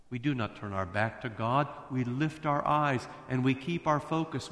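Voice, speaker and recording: A man's voice: mid-range voice, a bit bright. A man preaching a sermon as a pastor in a church, with emphatic, fervent declarations. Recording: echoey hall reverb.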